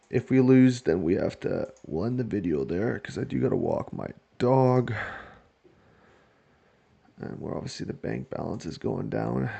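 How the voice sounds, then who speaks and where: A man giving casual let's-play commentary on a football management game, joking to himself and shouting when his team scores. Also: medium pitch, creaky, highs cut off. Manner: excitable, jokes to himself, shouts at goals. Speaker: video game player.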